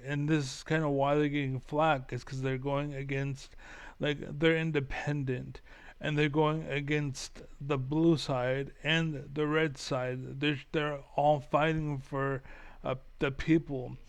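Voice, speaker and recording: A man's voice: a little high, creaky, clear, resonant tone. A man ranting casually while reacting to political videos, rambling and profane, full of fillers and restarts. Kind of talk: casual rant.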